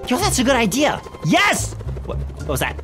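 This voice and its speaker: A woman giving excitable let's-play commentary, talking to herself and the game, swinging between mock bravado and panic. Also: on the high side, fast talker, over music. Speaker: gaming commentator.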